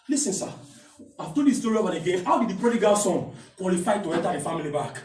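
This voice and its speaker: A man with a Nigerian accent preaching a sermon, shouting key lines and slowing down to stress them. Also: high voice, sing-song, reverberant, distant mic, faint music behind. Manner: impassioned preaching, shouts and slows down for emphasis. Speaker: pastor.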